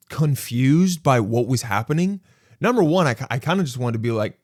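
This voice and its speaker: Animated man telling a story. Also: fairly quick, dry recording, studio quality. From Los Angeles. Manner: animated, acts out quotes with sudden high jumps. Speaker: podcast host. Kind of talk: casual storytelling monologue.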